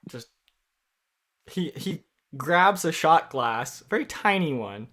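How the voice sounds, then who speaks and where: A man narrating as dungeon master, speaking quietly and hesitantly with many fillers. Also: fairly high pitch, animated, slow pace. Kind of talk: narrating a tabletop game. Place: home room at night.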